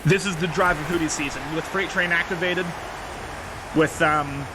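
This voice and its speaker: A young man giving casual play-by-play commentary of a video game, excitable and bursting into shouts on big plays. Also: fairly high pitch, moderate pace. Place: library. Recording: noisy background.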